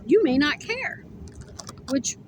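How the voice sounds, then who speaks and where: A high-voiced woman gives a casual tarot reading to camera. She is blunt and profane, stressing her words, and she chews as she talks. A faint hum of background noise runs under her voice. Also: big pitch swings, slow pace, poor audio. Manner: blunt, profane, emphatic, chewing while talking. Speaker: tarot reader.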